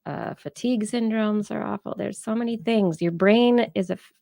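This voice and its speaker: A woman's voice: medium pitch, normal speed, creaky, dark tone, no room sound, clean studio sound. A woman co-hosting a live science podcast stream, chatting casually and laughing often. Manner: chatty, laughs often, talks to her cats and chat. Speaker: podcast co-host.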